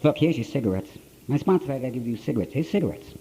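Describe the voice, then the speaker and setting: A man's voice: medium pitch, animated, rapid-fire, warm tone, slight background noise, rough recording. An older man with an Ohio accent telling a blunt, repetitive story to a conference audience. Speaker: speaker at a recovery conference. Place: conference hall, live talk to an audience.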